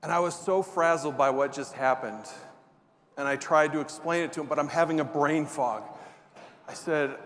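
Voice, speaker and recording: A man with a fairly high, lively voice speaks at a moderate pace, his tone fairly bright with a little hiss or hum in the background. He's a motivational speaker telling a self-deprecating comic story during a live keynote, on stage before an audience. The hall is reverberant, with faint ambience.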